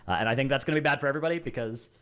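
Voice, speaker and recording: A man talks quickly through casual game analysis. His voice sits at an ordinary pitch, and he speaks his strong, blunt opinions plainly. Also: fairly bright tone, slight background noise. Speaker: commentator.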